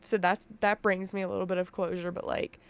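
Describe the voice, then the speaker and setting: A woman's voice: lowish voice, flat delivery, brisk, clear, resonant tone. A woman commenting on a livestream while she recounts a painful family memory, talking in an emotional, profane, rambling way from a room at home. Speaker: commentary streamer. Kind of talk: casual reaction commentary. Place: home room with open window.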